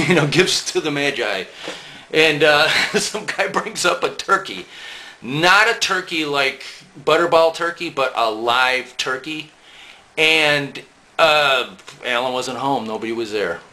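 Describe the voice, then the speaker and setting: A man's voice: a little high, pushed and bright. A man casually telling a rambling, profane anecdote, chuckling now and then. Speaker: storyteller recalling band days.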